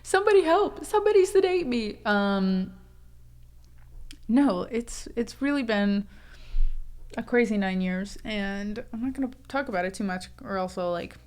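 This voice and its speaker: A woman's voice: mid-range voice, unhurried, long pauses, smooth. A young woman hosting a casual livestream, chatting with viewers in a chatty, emotional way and thanking them often. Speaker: livestream host.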